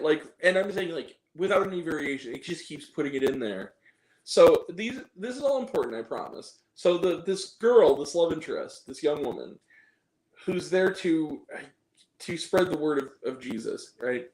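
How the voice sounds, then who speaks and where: A man's voice: fairly high pitch, expressive, moderate pace. A man giving a casual spoken movie review, rambling and sarcastic, with many asides. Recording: roomy echo.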